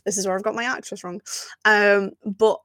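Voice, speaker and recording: A woman's voice: mid-range voice, a bit bright, dry recording. A woman co-hosting a podcast in casual chat, talking freely and laughing often. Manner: chatty, laughing often, lots of fillers. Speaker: podcast co-host.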